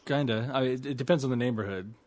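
A man's voice: mid-range voice, fast, darkish tone. A man hosting a casual chat, rambling and laughing easily. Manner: rambling, laid-back, laughs often.

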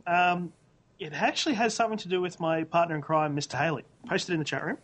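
A man's voice: a little high, quick pace, fairly bright tone. A man co-hosting a podcast, telling a playful story in casual chat. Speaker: podcast co-host.

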